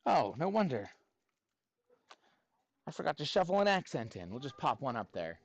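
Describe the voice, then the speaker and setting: A man teaching math to a class, playful and animated, calling on students by name. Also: medium pitch, moderate pace, highs cut off.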